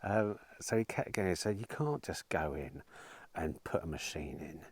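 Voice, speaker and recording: A man's voice: low-pitched, lively intonation, measured pace, slightly rough, no room sound. A man, a used car dealer chatting casually to camera, telling stories with dry sarcasm and plenty of swearing. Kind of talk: casual vlog monologue.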